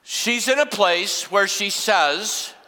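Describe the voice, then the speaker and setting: An older man preaching a sermon as pastor, slowing down for emphasis with dramatic pauses. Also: high-pitched, bright, forceful tone. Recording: long hall reverb.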